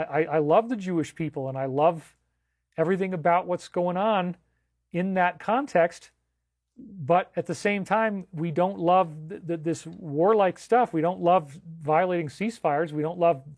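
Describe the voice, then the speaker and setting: Guy with a high voice doing livestream commentary, super emphatic, keeps repeating stuff, dry close sound. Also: moderate pace, a little mellow, no room sound. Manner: emphatic, incredulous, repeats phrases. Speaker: livestream host.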